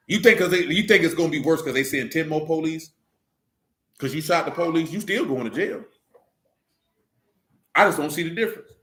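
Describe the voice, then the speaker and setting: A man talking in a casual, preaching way, emphatic and fond of rhetorical questions. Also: on the high side. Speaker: religious discussion leader. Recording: echoey room.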